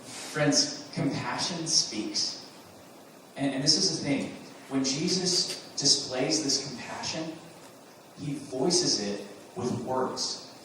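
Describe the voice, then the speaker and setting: A male pastor preaches an earnest sermon in a mid-range, slightly bright voice, speaking slowly and punctuating his points with rhetorical questions and emphatic bursts. The mic sits at a distance in a very echoey room, and there's a little hiss or hum.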